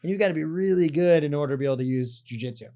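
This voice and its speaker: Fast-talking male podcast host. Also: fairly high pitch, mellow. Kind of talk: conversational interview.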